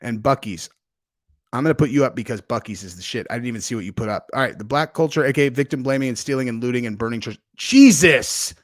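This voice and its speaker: A man hosting a casual livestream, rambling loosely with frequent fillers and swings from loud to quiet. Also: mid-range voice, quick pace. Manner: animated swings in loudness. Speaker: host.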